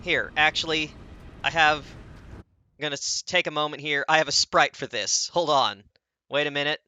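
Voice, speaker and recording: A man's voice: fairly high pitch, steady tone, normal speed, smooth, no echo, highs cut off. A man streaming a video game, commenting casually and swearing as he gets frustrated. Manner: exasperated, swears often, reacts aloud to the game. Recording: loud game music in the background. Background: game music and sound effects.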